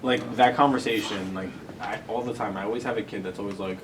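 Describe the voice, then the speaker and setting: A man who teaches, chatting candidly on a podcast and explaining how he handles students with quick anecdotes. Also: lowish voice, fairly even intonation. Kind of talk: casual podcast chat. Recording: distant mic with room noise.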